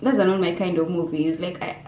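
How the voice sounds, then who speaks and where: A young woman from Uganda chats casually in a vlog Q&A, rambling with plenty of fillers and restarts. Her voice is on the low side with fairly even intonation and a slightly fast pace. The audio is dull, recorded in an echoey room with faint ambience and slight background noise.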